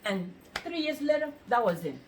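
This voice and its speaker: Animated, storytelling middle-aged woman. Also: fairly high pitch, moderate pace, a little hiss or hum. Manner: animated storytelling, quoting others, exclamations. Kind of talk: casual chat.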